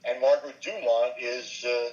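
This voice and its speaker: An older man, a voice actor, chatting in an interview and telling animated stories, now and then dropping into quick impressions. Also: medium pitch, lo-fi sound. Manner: animated storyteller, slips briefly into impressions. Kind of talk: casual interview chat.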